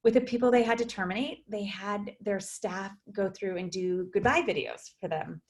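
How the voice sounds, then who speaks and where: A woman's voice: mid-range voice, moderate pace, a little mellow. Reflective woman speaking on leadership. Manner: thoughtful, reflective, with many fillers and restarts. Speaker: guest leadership psychologist. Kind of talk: video interview.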